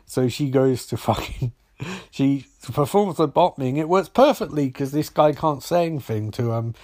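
A man's voice: mid-range voice, expressive, moderate pace, a little mellow. Profane rambling man recapping a show. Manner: profane, rambling, jokey asides. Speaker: TV episode recapper. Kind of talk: casual episode recap.

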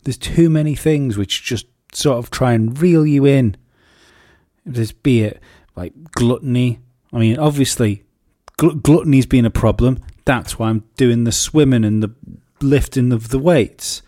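A man, co-hosting a podcast and telling rambling, sweary stories in casual chat, often jumping into high mocking voices to quote people. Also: a little slow, warm tone, no room sound, clean studio sound. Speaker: podcast co-host.

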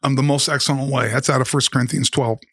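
A man sharing his personal faith testimony in casual conversation, an animated storyteller who quotes scripture freely. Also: mid-range voice, fast, slightly rough, dry recording, studio quality. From Southern California.

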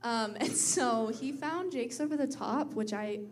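A teenage girl shares a personal story in front of a church crowd. She is bubbly and chatty, and fills her speech with "like". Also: a little high. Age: teens. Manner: bubbly, many likes and quick laughs. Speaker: pastor's daughter.

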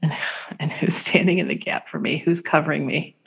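Lower-voiced woman sharing candidly. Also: vocal fry, breathy edge. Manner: candid, quick affirmations. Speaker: co-host of a Christian talk show. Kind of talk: casual faith discussion.

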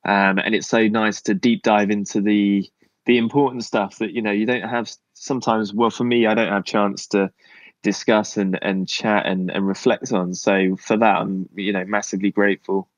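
A man's voice: lowish voice, little pitch movement, moderate pace, no echo, poor audio. Self-deprecating British man from Cornwall. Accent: British English. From Cornwall, England. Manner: self-deprecating, hesitant, many fillers. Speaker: podcast guest, designer. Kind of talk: casual podcast chat. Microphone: remote call.

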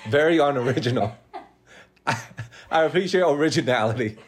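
Young man, casual chat, rambling, profane, laughs a lot, mid-pitched voice. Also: animated, moderate pace, slight background noise. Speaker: podcast host telling dating stories.

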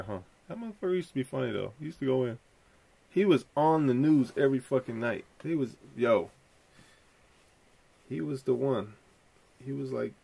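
Gravelly, profane young man riffing on clips. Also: mid-range voice, darkish tone. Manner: profane, rambling, laid-back storytelling. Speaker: podcast host. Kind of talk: casual commentary reacting to clips.

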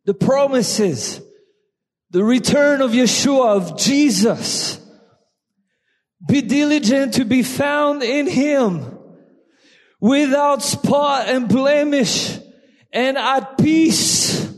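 A man with a French accent preaching a sermon in a church, emphatic, often restarting his phrases and breaking into shouts of praise. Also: extremely high pitch, drawn-out words, long pauses. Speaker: guest preacher. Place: church sanctuary. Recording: long hall reverb.

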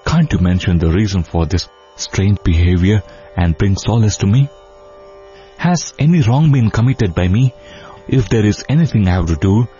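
A man's voice: on the low side, dark tone. A man voicing an earnest young prince who pleads with his grieving father, his voice rising as he implores. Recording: dull lo-fi audio with faint sitar.

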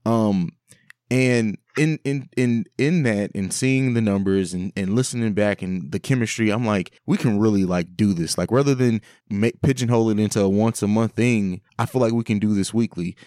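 A man's voice: fairly low pitch, moderate pace, dark tone, dry recording, studio quality. A man hosting a podcast, recounting how the show began in an earnest, casual way. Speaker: podcast host.

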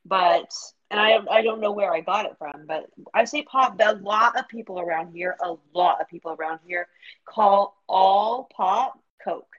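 A woman's voice: mid-range voice, normal speed. A woman with a Southern American accent co-hosting a podcast, chatting casually and laughing as she tells stories. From Southern United States. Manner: giggly, chatty, quotes others in voices. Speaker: podcast co-host. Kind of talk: casual chat. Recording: dull lo-fi sound.

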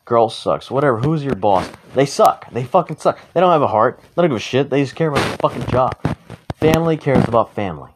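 A man's voice: mid-range voice, animated, a little fast. Profane ranting man, noisy recording. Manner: blunt, profane, heated. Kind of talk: unscripted angry rant.

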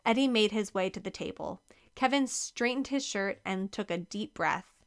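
A woman reading a children's novel aloud as narrator, expressive and clear. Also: medium pitch, moderate pace. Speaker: audiobook reader.

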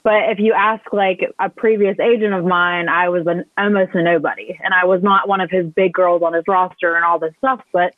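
A woman answering as an interview guest, calm and soft-spoken, hesitating with frequent ums. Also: lowish voice, fairly quick, few pauses, dry recording. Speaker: podcast guest. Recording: tinny phone-like line, dry.

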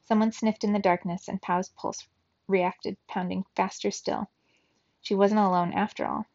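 A woman reading a children's novel aloud in steady storybook narration. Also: mid-range voice, normal speed, no echo, dull audio. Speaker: reader.

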